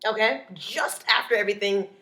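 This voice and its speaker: A woman comedian telling a comic story in an animated, punchy way, often adding "okay?". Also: medium pitch, brisk.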